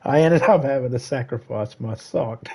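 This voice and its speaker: A man's voice: medium pitch, moderate pace, gravelly, darkish tone, a little hiss or hum. An Australian man on a livestream telling rambling stories in a profane, sarcastic, casual way. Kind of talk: casual storytelling chat.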